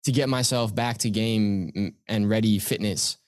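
A young man from Canada, a guest speaker, recounting personal experiences in an earnest, measured way. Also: lowish voice, steady tone, dry recording, studio quality. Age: young adult. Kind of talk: reflective storytelling in conversation.

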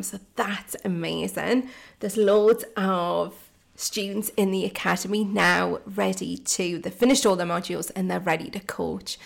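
A woman with a Geordie accent hosting her own podcast, talking in a chatty, excitable and enthusiastic way, with fillers and self-corrections. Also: medium pitch, creaky. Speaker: podcast host and mindset coach. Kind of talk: casual podcast monologue.

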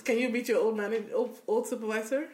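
A woman's voice: a little high, steady tone, fast, a loud crowd. A woman co-hosting a podcast in casual chat, backing up her friend with short replies and questions. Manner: supportive listener, short backchannel replies. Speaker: podcast co-host. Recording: echoey room.

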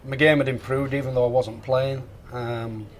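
A man telling caddie stories in a loose, chatty way. He slips into the voices of the people he quotes. A faint low hum sits under the recording. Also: normal speed. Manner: animated, acts out quoted dialogue. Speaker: former golf caddie. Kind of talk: casual anecdotal storytelling.

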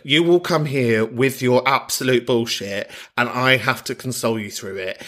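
A man's voice: medium pitch, brisk, hardly any pauses, a bit bright. A man hosting a podcast, answering listener voice notes with mock-grumpy sarcasm and lots of swearing. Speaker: podcast host. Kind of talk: comic reply to voice notes.

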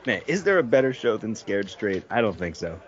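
A man's voice: lowish voice, very animated, a little fast. A man in casual chat, amused and chuckling. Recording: muffled lo-fi recording with crowd.

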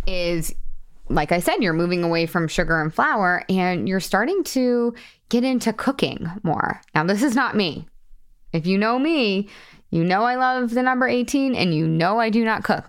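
A woman's voice: medium pitch, clear, resonant tone. A woman in her thirties hosting a solo podcast, talking as a weight-loss coach in a bubbly, chatty way. She laughs often and acts out the voices she quotes.

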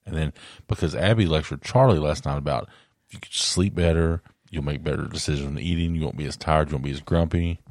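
Very deep-voiced man co-host. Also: fast talker, darkish tone, dry recording, studio quality. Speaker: co-host, reads news items. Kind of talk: casual chat.

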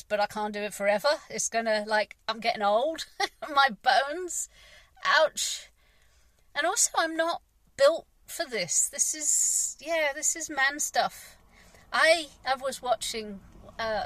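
A frustrated English woman who gardens rambles candidly through a vlog monologue, sighing often and leaning on fillers. Her fairly high, fairly bright voice moves at normal speed, captured in a dry, low-quality recording.

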